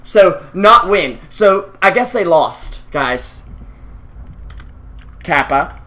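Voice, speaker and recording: A man's voice: high voice, big pitch swings, extremely slow, sharp tone. A male esports caster in casual chat, self-deprecating, breathing heavily into a close mic. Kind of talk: casual chat between game commentary.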